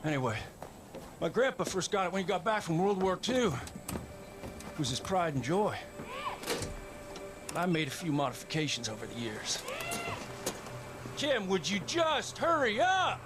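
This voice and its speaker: An actor playing a desperate, foul-mouthed pilot who swears and shouts as he talks, in a video game cutscene. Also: fairly high pitch, normal speed, long pauses, lightly acted. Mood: excited. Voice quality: excitable, swears a lot, shouts. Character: desperate young pilot man, profane. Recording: loud game music behind.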